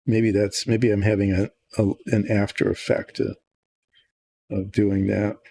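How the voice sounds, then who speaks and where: Gravelly older man musing while painting. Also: lowish voice, flat delivery, unhurried, dark tone. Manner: meandering, thinks aloud, self-deprecating. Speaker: miniature painting host. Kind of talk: casual rambling chat while painting.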